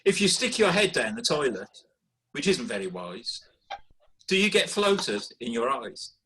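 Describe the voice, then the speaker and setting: A man reading comic rhyming poetry in a deadpan, wry way over a video call. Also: medium pitch, normal speed, slight background noise, low-quality recording. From Birmingham, England. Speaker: performance poet.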